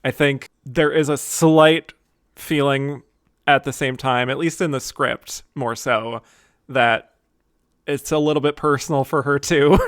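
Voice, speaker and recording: A man's voice: medium pitch, fairly bright tone, clear, resonant tone, no echo. A man hosts a casual podcast talk about a film, laughing often and acting out the lines he quotes. His voice sits in a middle range and sounds dry and close, with no room around it. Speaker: podcast host.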